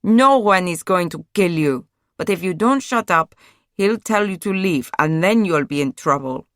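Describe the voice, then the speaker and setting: A cold, hard female captor, put on by a woman reading an audiobook, her voice lifted well above the narration. She sounds scornful even when coaxing, and speaks slightly off-mic in a dry booth. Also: a little high, unhurried, dry recording, pitched above the performer's own voice.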